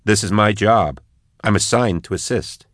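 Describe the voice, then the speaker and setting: A man narrating an audiobook, voicing a weary, guarded female aide who speaks in a flat, tired way. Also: fairly low pitch, moderate pace, no echo, studio quality.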